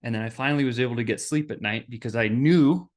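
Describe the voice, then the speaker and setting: A man hosting a business podcast, telling a personal story in a lively, animated way and acting out the voices of the people in it. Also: medium pitch, fast. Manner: animated, acts out quoted voices. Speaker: podcast host.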